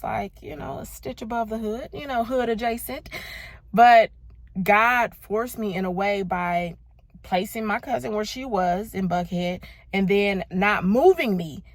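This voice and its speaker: A woman's voice: mid-range voice, no room sound. A woman in her thirties from Los Angeles, talking casually and emphatically about her faith and her year, calling listeners "baby" and "y'all". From Los Angeles, United States. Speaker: vlogger.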